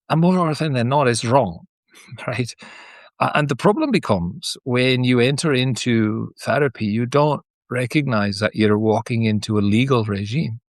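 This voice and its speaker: A man's voice: medium pitch, no echo. A middle-aged Scottish man, a teacher, thinking aloud in a rambling, reflective monologue with frequent restarts and asides. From Scotland. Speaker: teacher sharing personal reflections.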